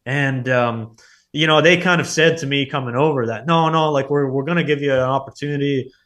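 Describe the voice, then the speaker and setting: A man in his thirties, a former hockey player, telling stories in a relaxed, rambling way, full of filler words. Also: mid-range voice, fairly quick. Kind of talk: casual storytelling.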